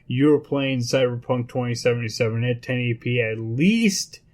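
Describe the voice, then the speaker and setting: A man's voice: mid-range voice, moderate pace, a little mellow. A man co-hosting a casual gaming podcast, bluntly correcting the others. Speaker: podcast co-host. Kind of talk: casual chat.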